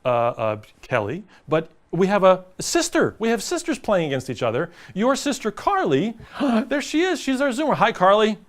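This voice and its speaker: Animated, punning quiz show host man. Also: sits high, normal speed, hardly any pauses. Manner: jokey, punning banter with contestants. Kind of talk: game show hosting.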